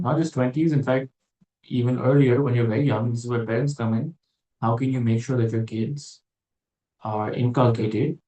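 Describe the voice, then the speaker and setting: A man's voice: mid-range voice, dark tone. A man giving an informal religious talk as a teacher, musing and digressive, with wry sarcastic asides. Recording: roomy echo, distant from mic.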